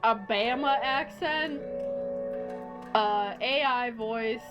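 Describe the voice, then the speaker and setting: A woman's voice: a little high, extremely slow, lo-fi sound, over music. A young adult woman streaming a game, chatty and self-deprecating, swearing freely. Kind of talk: casual game stream chat.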